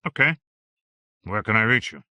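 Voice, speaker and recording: A man's voice: on the low side, animated, normal speed, bright, forceful tone, no echo. A man voicing an eager male investigator asking questions on a call, in an audiobook reading. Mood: pressing. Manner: pressing, inquisitive questions. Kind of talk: audiobook dialogue.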